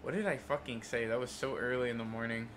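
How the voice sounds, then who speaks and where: A man's voice: mid-range voice, steady tone, quick pace, a bit bright, slight background noise. A young man livestreaming, telling an exasperated, profane story about a rude customer in a casual rant full of fillers.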